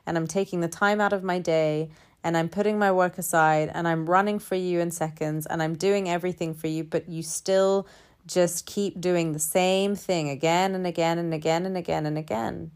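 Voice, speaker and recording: A woman speaking in a calm, measured reflective monologue, building her points through repeated phrases. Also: on the low side.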